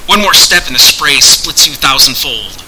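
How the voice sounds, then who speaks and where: A sly, defiant wizard-thief, as a man puts him on, issuing commands with a crafty edge. His tone is very bright. Faint hiss sits behind the voice. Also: fairly high pitch, lively intonation, moderate pace, exaggerated voice, poor audio. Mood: commanding.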